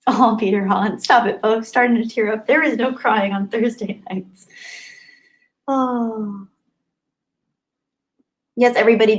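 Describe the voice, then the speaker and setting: Over poor audio, a young female livestream host with a medium-pitched voice goes through messages from viewers, gushing with emotional thanks.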